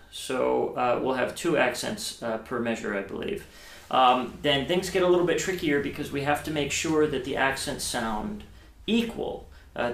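A man teaches cello in a relaxed video lesson, his mid-pitched voice ringing in a roomy space. He talks it through step by step, pausing on ums and starting sentences over. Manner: thinking aloud with many fillers and restarts, explains step by step. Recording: echoey room.

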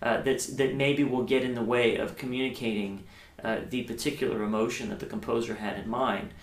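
A man teaches cello in a relaxed video lesson, his mid-pitched voice ringing in a roomy space. He talks it through step by step, pausing on ums and starting sentences over. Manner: thinking aloud with many fillers and restarts, explains step by step. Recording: echoey room.

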